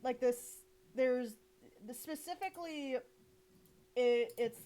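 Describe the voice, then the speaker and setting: A young woman art streamer chatting casually while she draws, rambling with lots of fillers and quick giggles. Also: on the high side, fairly even intonation, slight background noise, low-quality recording. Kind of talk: casual chat while drawing.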